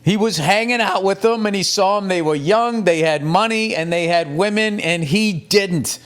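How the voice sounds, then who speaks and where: A middle-aged man talks off the cuff like a working comedian, swearing freely and drifting from one story to the next. His delivery is casual and animated, with plenty of restarts and asides. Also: high voice, moderate pace. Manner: profane, rambling, animated storytelling. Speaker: comedian, podcast host. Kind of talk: casual rambling monologue.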